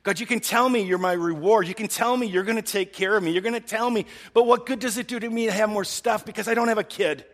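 A man's voice: high voice, fast, hardly any pauses, fairly bright tone, big-room sound, pitched above the performer's own voice. A man voicing a weary, frustrated old male patriarch who pleads and complains.

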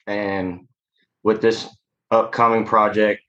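A man's voice: on the low side, little pitch movement, takes it slowly, a bit bright, lo-fi sound. A man, a musician guest talking casually in a laid-back, rambling way. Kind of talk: casual interview chat.

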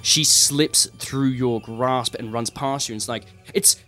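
A man narrating a tabletop game as game master, animated and hesitant. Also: medium pitch, a little slow, soft background music.

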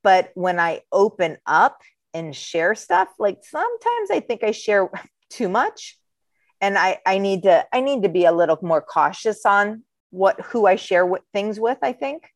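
A woman's voice: medium pitch, very animated, unhurried, no room sound, studio quality. A woman co-hosting a casual podcast, talking candidly and rambling with self-deprecating asides. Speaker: podcast co-host. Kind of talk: casual chat.

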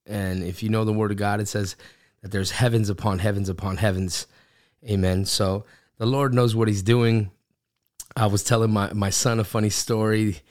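Upbeat rambling middle-aged man, low-voiced. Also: no room sound, studio quality. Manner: upbeat and rambling, with frequent restarts. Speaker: podcast host and Bible teacher. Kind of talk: casual devotional podcast talk. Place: home recording studio.

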